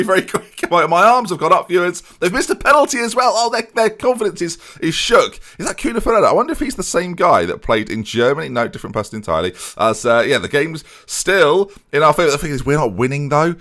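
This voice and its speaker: Animated man commentating a game. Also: medium pitch. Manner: chatty, addresses viewers, swings into exasperated outbursts. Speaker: video game streamer. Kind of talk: football management game commentary.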